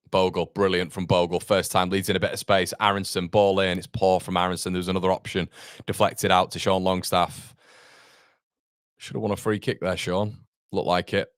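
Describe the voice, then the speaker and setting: A man's voice: deep voice, clear, resonant tone, no echo, clean studio sound. A man hosting a fan watchalong, calling the match live play by play and answering viewer chat, with partisan exasperation. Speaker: fan channel host.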